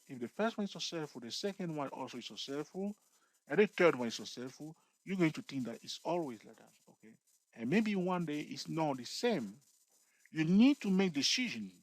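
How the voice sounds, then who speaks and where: Man teaching investing, lively and talky. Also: on the high side, no echo, poor audio. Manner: repetitive, peppers talk with "okay" and "all right"; lively, jokes with viewers. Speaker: investing tutor. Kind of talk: casual spoken tutorial.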